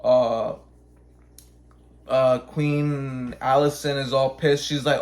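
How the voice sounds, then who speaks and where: A man in casual chat, telling a story in a loose, profane way full of "like", acting out characters in quick bursts. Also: medium pitch, flat delivery. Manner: acts out characters with quick voice changes.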